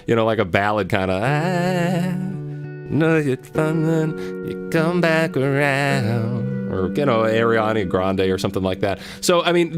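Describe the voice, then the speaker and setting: A man teaching a live online music lesson, answering viewer questions in a chatty, rambling way with many fillers. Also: medium pitch. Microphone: close studio mic.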